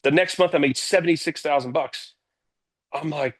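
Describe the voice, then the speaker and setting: Blunt, energetic male CEO guest. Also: on the high side, normal speed. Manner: energetic, blunt, swears freely. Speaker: company CEO, podcast guest. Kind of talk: casual interview storytelling.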